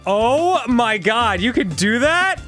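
A relaxed man co-hosts a game session, teasing his partner and chuckling. He speaks slowly and unhurried, with a lively rise and fall in pitch. Faint music plays behind him. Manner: laid-back, teasing, chuckling. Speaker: co-host. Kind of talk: casual gaming banter.

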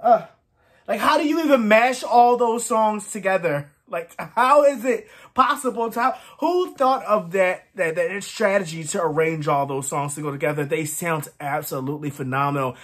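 A music reaction host giving casual, exclamatory commentary, emotional and teary-eyed, with emphatic, drawn-out phrasing. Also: mid-range voice, a bit bright.

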